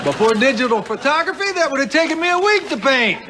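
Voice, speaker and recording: This is a teasing, theatrical sitcom character. His voice sits high and swings widely. He sounds like a clip from a broadcast comedy, with a studio crowd roaring and heavy noise underneath. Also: sing-song, fast. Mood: amused. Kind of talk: sitcom acting.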